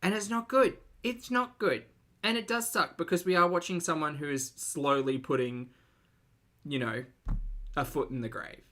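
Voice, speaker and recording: Bright-sounding aussie guy ranting on a live stream, blunt, says like a lot, swears. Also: fairly high pitch, normal speed. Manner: blunt, swearing, filler-heavy, reads viewer chat aloud. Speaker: commentary streamer. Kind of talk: casual live-stream commentary.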